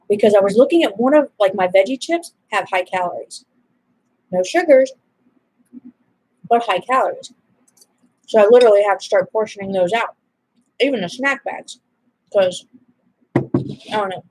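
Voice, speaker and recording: A woman's voice: medium pitch, darkish tone, poor audio. Chatty woman rambling over supper. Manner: rambling and chatty, eating while talking. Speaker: vlogger chatting while eating supper. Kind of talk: casual chat.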